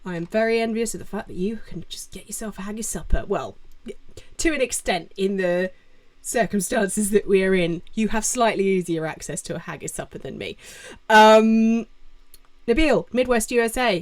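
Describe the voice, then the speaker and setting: A young British woman hosts a relaxed Q&A stream from her home, her slightly high voice close on a desk mic. She rambles good-naturedly, restarting words and reading viewer names aloud as she goes. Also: moderate pace. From Britain. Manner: chatty and self-interrupting, reading chat names aloud. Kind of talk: casual live-stream Q&A chat. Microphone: desk mic with adjustable gain.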